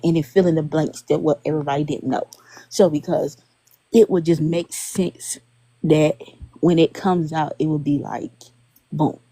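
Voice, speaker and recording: A woman, a guest telling animated stories in casual chat and acting out what others said. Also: fairly low pitch, creaky, breathy edge, no echo, rough recording. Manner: animated, acts out quotes of others. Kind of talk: casual storytelling on a live stream.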